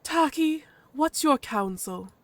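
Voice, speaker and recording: An imposing female saber-toothed tiger chief, voiced by a woman for a game. She speaks in a calm, measured tone of command. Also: high voice, dry recording, pitched above the performer's own voice, exaggerated voice.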